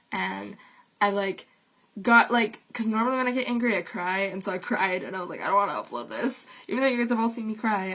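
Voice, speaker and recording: Creaky-voiced young woman ranting casually. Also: mid-range voice, fairly bright tone, poor audio. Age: young adult. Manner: heated, fast-talking, fillers of "like", swearing. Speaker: vlogger. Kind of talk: casual vlog rant.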